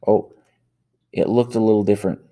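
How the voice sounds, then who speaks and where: A male math teacher with a low, dark voice talks fairly quickly and keeps his intonation fairly even. He works through problems aloud step by step, keying them into a calculator and self-correcting.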